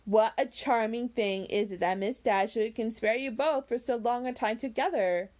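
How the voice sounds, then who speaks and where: A woman's voice: on the high side, normal speed, darkish tone, close to an everyday voice. Brief: sly, insistent young lady, sweet on top, pointed beneath, as a woman reads her. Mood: insinuating.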